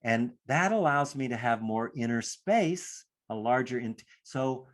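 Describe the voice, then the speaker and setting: A male stress coach leads a class in stress management, his voice animated and unhurried at a typical mid pitch. He reflects thoughtfully and drops into short acted inner voices to get his ideas across.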